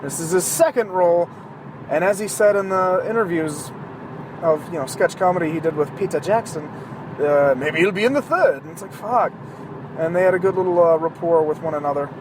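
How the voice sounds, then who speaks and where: Man, high voice, casual rambling monologue, profane, sarcastic, joking, talking from a moving car, faint road hum. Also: brisk. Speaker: podcast host.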